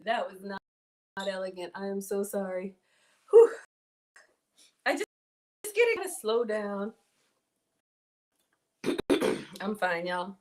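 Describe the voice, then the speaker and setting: A woman's voice: mid-range voice, lively intonation, takes it slowly, long pauses, a little mellow. A woman with a Southern US accent, chatting casually with her viewers as a home cook livestreamer. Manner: chatty, addresses viewers as y'all.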